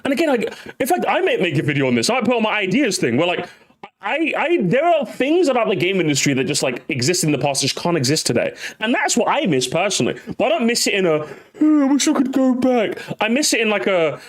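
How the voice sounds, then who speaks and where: A man's voice: high voice, wildly swooping pitch, quick pace. A young man, chatting casually to his livestream viewers, ranting, swearing and laughing as he talks. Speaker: streamer.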